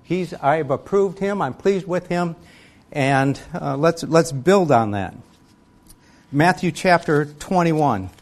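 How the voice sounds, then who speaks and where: A man delivering a sermon in a slightly higher than average voice. He reads scripture passages aloud and then asks questions of the people listening. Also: lively intonation, slow. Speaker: preacher.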